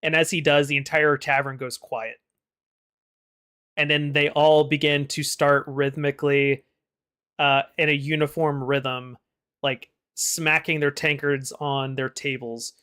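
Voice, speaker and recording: A man running a tabletop game as game master, narrating in a relaxed way with many fillers. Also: on the high side, smooth.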